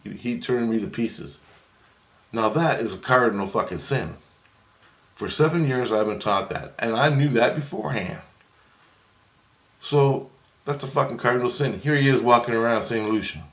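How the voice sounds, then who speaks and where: A man's voice: mid-range voice, moderate pace, pauses often, fairly bright tone. A man ranting in an agitated, profane monologue about his spiritual experiences, heavy on swearing. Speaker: vlogger. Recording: echoey room.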